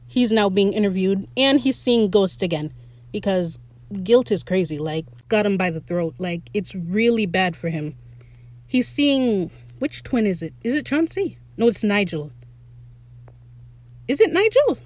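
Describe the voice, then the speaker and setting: A young woman hosting a casual solo podcast, chatty and excitable as she recaps a show. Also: medium pitch, a little slow. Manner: chatty, excitable, quotes characters in playful voices. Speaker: podcast host.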